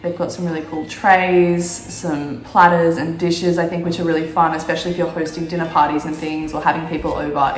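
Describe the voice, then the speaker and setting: Croaky-voiced woman vlogger with a cold. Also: low-pitched, reverberant. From Australia. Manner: chatty, lots of fillers. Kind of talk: casual chat.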